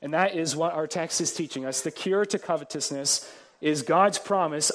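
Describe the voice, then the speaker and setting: A man's voice: a little high, normal speed, fairly bright tone. A man preaching a sermon as pastor to his congregation, earnest, building emphasis through repeated phrases.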